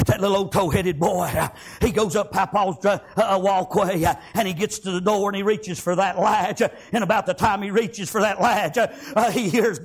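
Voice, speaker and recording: A male preacher tells a story in a sermon with a high, husky voice. He punctuates it with amens and breaks into shouts.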